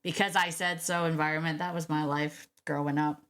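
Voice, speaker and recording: A woman hosting her own dog-training podcast, talking in a chatty, emphatic solo monologue with quick restarts and laughs. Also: low-pitched, flat delivery, a bit bright.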